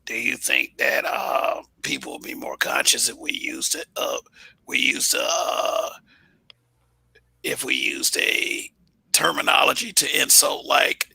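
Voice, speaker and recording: Gravelly, husky man hosting a livestream. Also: medium pitch, sing-song, slow, bright, forceful tone, poor audio. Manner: loose, rambling, many fillers and restarts. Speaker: livestream host. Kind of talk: casual live-stream chat.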